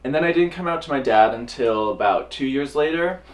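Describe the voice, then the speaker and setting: An animated young man, a drag performer, tells a personal story to camera in a casual, lively way. His voice sits at a mid pitch and leaps high when he acts out what others said. He sounds a little distant from the mic. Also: fairly quick.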